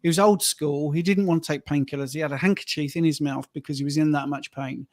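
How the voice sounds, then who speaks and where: A man's voice: a little high, fairly even intonation, fast, darkish tone, dry recording, studio quality. A man, a fitness and rehab coach, chatting casually and telling heartfelt client stories. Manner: anecdotal, gets emotional telling stories. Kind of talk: casual panel chat.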